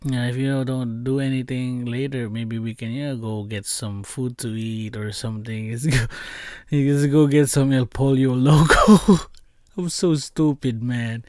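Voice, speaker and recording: A man's voice: medium pitch, warm tone, dry recording. Young guy, not a native speaker, laid-back podcast rambling, lots of ums and laughs, dry sound. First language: not English. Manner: rambling, laughing, many fillers and restarts. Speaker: podcast host. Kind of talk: casual storytelling chat.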